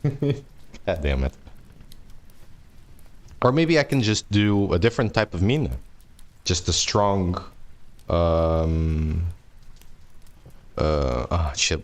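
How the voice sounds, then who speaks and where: A deep-voiced man reads a novel aloud on a live stream, then drifts into casual chat. He talks in an unhurried, laid-back way, swearing and laughing often.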